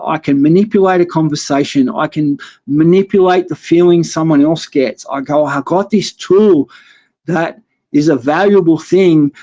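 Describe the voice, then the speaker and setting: A man's voice: on the high side, a little mellow. Rambling blunt Australian man. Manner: rambling, blunt, heavy swearing. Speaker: guest caller. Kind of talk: casual live-stream chat.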